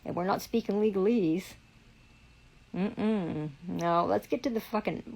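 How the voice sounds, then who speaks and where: A woman's voice: medium pitch, a little slow, vocal fry, darkish tone, poor audio. A woman on a live stream, ranting in a heavily profane, indignant and rambling way. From Canada. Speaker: livestreamer. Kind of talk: angry live-stream rant.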